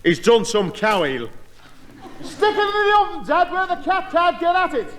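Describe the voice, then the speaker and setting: An actor playing a loud, overfamiliar neighbour who laughs at his own jokes, in a vintage radio comedy. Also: high voice, sing-song, moderate pace, long reverb tail, some chatter behind, slight background noise. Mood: jovial. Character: brash, joke-cracking middle-aged neighbour. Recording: old broadcast with studio audience laughter.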